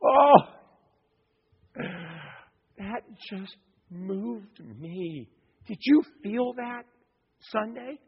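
A man voicing a gushing, easily moved churchgoer who swoons in a high, breathless voice, heard through dull sound with long reverb. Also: animated, drawn-out words, long pauses, slightly rough, exaggerated voice.

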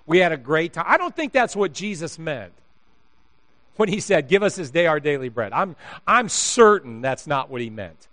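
A man preaching a sermon, telling funny stories and acting out the dialogue in them, laughing often. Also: fairly high pitch. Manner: animated storyteller, acts out dialogue, laughs often. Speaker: pastor. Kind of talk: sermon with humorous storytelling.

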